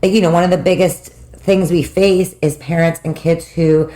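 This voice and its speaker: A woman podcast host with a lowish voice who keeps the talk moving with curious follow-up questions. She speaks casually, and her voice bounces around a roomy space. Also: steady tone, moderate pace, warm tone. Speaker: podcast host, math tutoring studio owner. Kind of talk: casual interview chat. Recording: roomy echo.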